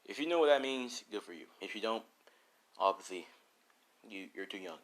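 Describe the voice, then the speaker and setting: A man's voice: on the low side, lively intonation, moderate pace. A man casually narrating a fan story, rambling with slangy, profane asides.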